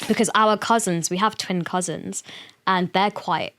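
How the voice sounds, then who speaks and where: A woman's voice: mid-range voice, a little slow, a bit bright. A young woman talking as a guest on a podcast in easy, loose chat. She laughs often, swears freely and jumps into quoted voices of her mother while she tells a story.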